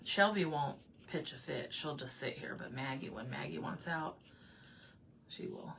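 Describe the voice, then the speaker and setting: A woman's voice: low voice, a little slow, gravelly, fairly bright tone, slight background noise. A woman chatting casually with her livestream viewers while she paints at home, answering their comments and laughing often. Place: home room with desk.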